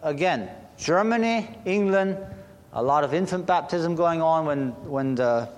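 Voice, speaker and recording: A man preaching a sermon to a congregation, talking slowly and deliberately with halting restarts. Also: fairly high pitch, animated. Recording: long hall reverb.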